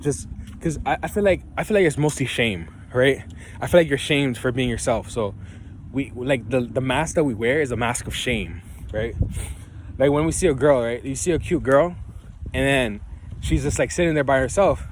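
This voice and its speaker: A man's voice: medium pitch, normal speed, slight background noise. A young man vlogging in a loose, profane monologue, laughing now and then and tagging his points with "right?". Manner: profane, ends phrases with "right?"; loose, laughing, preachy about self-belief. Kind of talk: casual rambling monologue.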